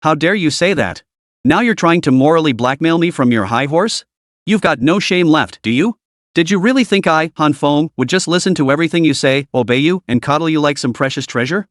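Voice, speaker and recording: A man's voice: fairly high pitch, animated, a little fast, dry recording, studio quality, lightly acted. A man voicing a cold, vengeful young man who speaks with scorn.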